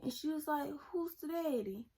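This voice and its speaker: A woman's voice: high-pitched, expressive, normal speed, dark tone, voice pushed up. A young woman, quoting her worried older grandmother as she presses with questions. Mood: pressing.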